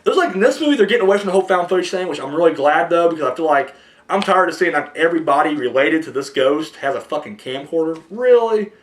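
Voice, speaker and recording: A man's voice: fairly high pitch, quick pace. A young man hosting a casual movie podcast, rambling and profane, acting out little scenes as he talks. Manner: rambling, profane, animated storytelling. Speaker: podcast host. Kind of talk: casual chat.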